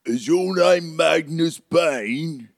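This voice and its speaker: A man voicing a huge hulking giant who speaks loudly and slowly, higher than his own voice. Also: creaky, full character voice. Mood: urgent.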